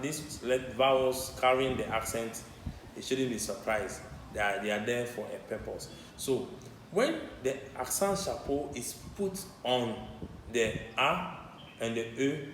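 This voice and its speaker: Man, language teacher, halting explanatory delivery; reverberant room with clear background noise. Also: medium pitch. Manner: measured, halting explanation with repetitions and uneven pace. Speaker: French teacher. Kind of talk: language lesson.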